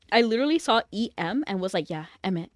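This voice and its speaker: A young woman chats on a livestream in a playful, teasing way, going back and forth with her viewers. Her voice sits at a middle pitch. The sound is dry and close, with no room echo. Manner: playful, teasing, bantering with chat. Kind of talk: casual livestream chat.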